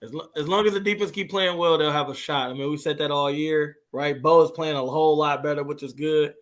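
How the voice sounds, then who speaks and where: A man, a former pro football player, co-hosting a casual sports chat in a loose, slangy, excitable way. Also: a little high, a little fast.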